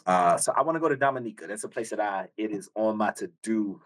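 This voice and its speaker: A man's voice: on the low side, fast talker. A man from the United States, a podcast guest chatting casually and emphatically, stacking repeated phrases and checking in with "right?". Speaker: podcast guest, speaker on emotional intelligence.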